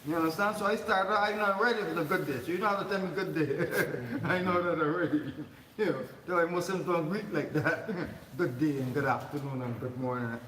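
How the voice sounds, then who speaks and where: A man leads an informal Quran commentary class in a mosque hall, speaking in a chatty, loose way, laughing often and repeating his words. His voice sits a little high and reaches a mic placed far from him. The hall gives a long reverb, and steady noise runs underneath. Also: a little fast, hardly any pauses. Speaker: religious teacher.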